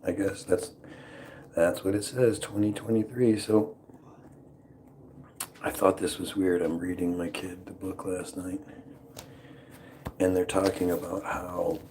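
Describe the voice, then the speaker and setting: A man's voice: low voice, little pitch movement, measured pace, pauses often, darkish tone, slight background noise. A man hosting his own livestream, musing aloud in a casual, rambling and sarcastic way from home. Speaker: livestream host.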